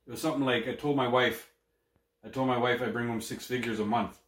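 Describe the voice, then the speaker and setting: A man's voice: mid-range voice, fairly even intonation, quick pace, fairly bright tone. A young man in casual podcast chat, joking crudely and laughing often. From Canada. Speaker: podcast co-host. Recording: roomy echo.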